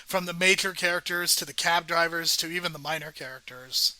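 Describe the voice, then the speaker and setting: A man co-hosting a movie review podcast, talking in a measured, analytical way as he scores films. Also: a little high, poor audio. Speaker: podcast co-host. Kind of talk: casual movie review chat.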